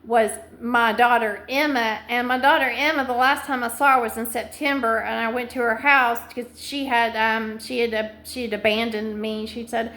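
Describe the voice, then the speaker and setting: A woman's voice: on the high side, steady tone, moderate pace, hardly any pauses, sharp tone. A middle-aged woman in a rambling monologue to camera, stringing long chains of clauses together in an anxious, insistent way. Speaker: vlogger.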